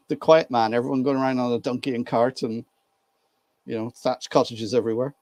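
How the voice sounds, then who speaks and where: A man's voice: medium pitch, fairly even intonation, fairly quick, a little mellow, dry recording. A man from Ireland hosting a casual live stream, chatting and laughing with viewers while he works on a model train. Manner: chatty, laughs easily, greets viewers by name.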